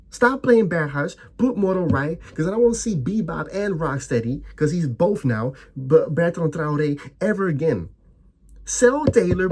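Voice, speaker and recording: Husky-voiced man in a heated football rant. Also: on the high side, a little mellow. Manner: heated, profane, repetitive ranting with stammered restarts. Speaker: football fan vlogger. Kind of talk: ranting fan reaction.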